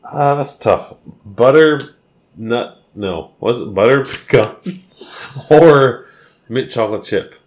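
A man's voice: mid-range voice, slow pace. A tipsy man co-hosting a casual podcast, rambling and laughing often as he answers questions. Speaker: podcast co-host. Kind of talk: casual chat.

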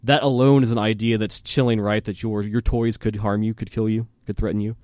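Animated male podcast storyteller. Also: lowish voice, a little fast, no room sound, clean studio sound. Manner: animated storyteller, fillers and self-laughs. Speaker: podcast host. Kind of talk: casual storytelling chat.

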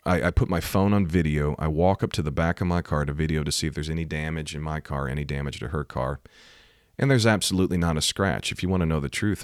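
A man's voice: low-pitched, no room sound, studio quality. A man hosting a Christian podcast, telling a story in an earnest, folksy way. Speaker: podcast host. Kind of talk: storytelling devotional podcast talk.

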